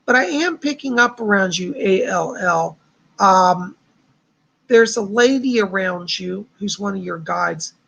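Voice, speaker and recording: Gravelly, chatty male psychic host. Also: high voice, animated, unhurried, a bit bright. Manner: chatty, reassuring, upbeat. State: strained voice. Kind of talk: casual live-stream psychic readings.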